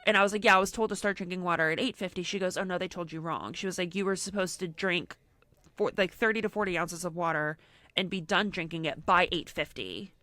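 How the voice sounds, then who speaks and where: A young woman with a bright, forceful voice tells a story in casual podcast chat, slipping into quoted voices as she goes. Her sound is dry and close, with no room around it. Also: fairly low pitch, fast, no room sound. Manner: animated storyteller acting out quotes, frequent "like". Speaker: podcast co-host.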